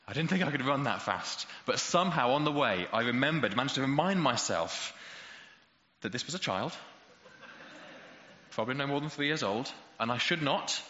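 A man's voice: medium pitch, sharp tone. Guy preaching, punchy rhetorical delivery, big reverby hall sound. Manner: emphatic, rhetorical, builds to passionate peaks. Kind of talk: sermon. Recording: dull echoey hall recording.

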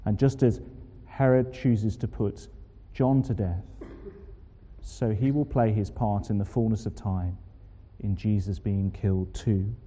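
A man preaching a sermon, expressive and full of rhetorical questions. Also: fairly low pitch, unhurried. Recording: long hall reverb.

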